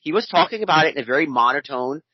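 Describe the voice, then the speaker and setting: A man co-hosting a casual podcast with a husky voice, teasing his friends and spinning tall tales. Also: on the high side, racing, lo-fi sound. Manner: animated, teasing storyteller. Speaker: podcast co-host.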